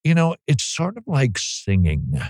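Animated joking male radio host. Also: mid-range voice, a little slow, no room sound. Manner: joking, animated, laughs often. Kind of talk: casual radio monologue.

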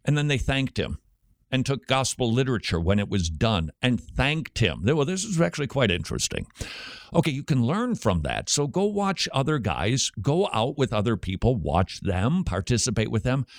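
A man hosting a radio show, answering listener questions in a lively, chatty way. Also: medium pitch, dry recording, studio quality.

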